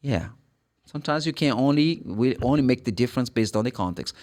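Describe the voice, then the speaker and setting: Animated Brazilian man teaching pronunciation. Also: medium pitch, brisk. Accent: Brazilian Portuguese. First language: Portuguese. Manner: animated, repeats sounds with rising emphasis. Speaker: English teacher. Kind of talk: casual pronunciation lesson.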